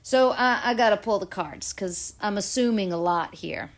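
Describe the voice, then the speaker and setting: A woman's voice: medium pitch, moderate pace. A woman vlogging a casual astrology and tarot reading, giggly and dramatic.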